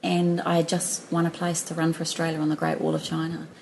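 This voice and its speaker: A middle-aged woman recounts her own story in a relaxed interview, laughing often and circling back with fillers. Her voice sits low with a gravelly edge. A faint noise runs under the recording. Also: quick pace, rough recording. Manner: warm, laughing, many restarts and fillers. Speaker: podcast guest.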